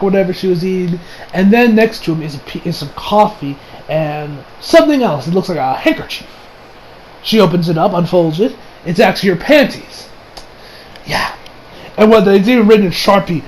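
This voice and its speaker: A man's voice: high-pitched, darkish tone, slight background noise, low-quality recording. A man recapping an anime episode in a casual, rambling way, swearing and correcting himself as he goes. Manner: rambling, profane, self-correcting. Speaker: anime reviewer.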